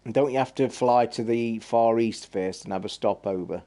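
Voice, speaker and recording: Man, mellow dark tone, blunt, sweary, rambling stream chat. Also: medium pitch, normal speed. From England. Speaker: gaming stream host. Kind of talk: casual live-stream chat.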